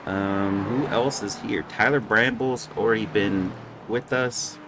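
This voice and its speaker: A man's voice: fairly low pitch, slow pace, noisy background. A young man giving casual, joking live commentary on a sim race and stumbling over drivers' names.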